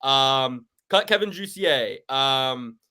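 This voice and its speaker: A man's voice: medium pitch, animated, slow pace, pushed and bright, smooth. A man co-hosting a casual podcast chat, ranting and mocking with plenty of profanity. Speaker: podcast co-host.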